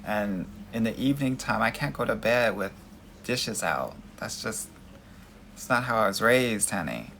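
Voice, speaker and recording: A man's voice: fairly low pitch, lively intonation, measured pace, gravelly, fairly bright tone, a little hiss or hum. A man hosting a live dating Q&A, answering viewer comments in a sassy, emphatic way and calling his audience girl and honey. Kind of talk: casual livestream chat answering viewer comments.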